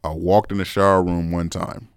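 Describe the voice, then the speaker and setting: A man's voice: low voice, level tone, moderate pace, clear, resonant tone, no room sound, clean studio sound. A young man hosting a podcast in a casual, frank chat, talking straight to his listeners and calling them bro. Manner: laid-back, frank, calls listeners bro. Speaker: podcast host.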